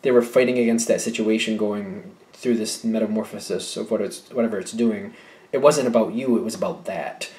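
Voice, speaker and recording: Recorded in an echoey room, a man with a medium-pitched, darkish voice gives a casual tarot reading. He thinks aloud hesitantly, corrects himself often with brief pauses, and laughs lightly.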